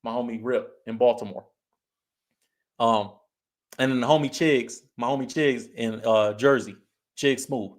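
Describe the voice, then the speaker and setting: A man's voice: mid-range voice, unhurried, pauses often. Male streamer from California, easygoing chat delivery, frequent laughs, reads comments aloud. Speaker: livestream host. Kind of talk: casual livestream chat.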